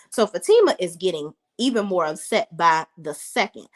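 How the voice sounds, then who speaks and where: A woman hosting a casual recap vlog, chatty and animated, talking straight to her viewers. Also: fairly low pitch, moderate pace. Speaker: reality TV reviewer.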